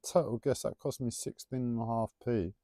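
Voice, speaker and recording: A man's voice: mid-range voice, fairly even intonation, normal speed, mellow, no echo, studio quality. A man livestreaming a casual, rambling spiritual monologue in a playful, teasing way.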